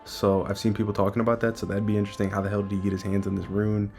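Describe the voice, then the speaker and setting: Deep-voiced man breaking down a manga. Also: little pitch movement, rapid-fire, darkish tone, soft background music. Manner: enthusiastic, speculative. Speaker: manga chapter reviewer. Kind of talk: casual chapter breakdown.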